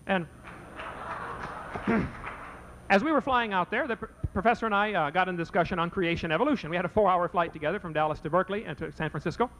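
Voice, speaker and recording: A man with a fairly high voice tells a story in a quick, rattling lecture style. His telling is folksy and joking, and he loads it with rhetorical questions. He speaks as a creationist debater addressing an audience. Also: a bit bright, a little hiss or hum.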